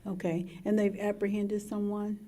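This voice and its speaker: A woman hosting a podcast interview, asking brief, gentle questions. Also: mid-range voice, flat delivery, moderate pace. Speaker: podcast host.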